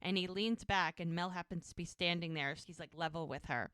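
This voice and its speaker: A woman's voice: on the low side, a little fast, a bit bright, clean tone, no room sound, studio quality. A woman co-hosting a rewatch podcast, retelling scenes in a chatty way with lots of fillers. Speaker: podcast co-host. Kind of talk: casual rewatch podcast chat.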